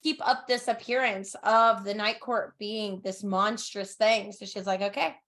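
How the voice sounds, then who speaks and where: A woman's voice: medium pitch, flat delivery, a little slow, a bit bright. A woman co-hosting a book podcast, reacting emphatically in casual chat and reading passages aloud. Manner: emphatic reactions, frequent agreeing murmurs.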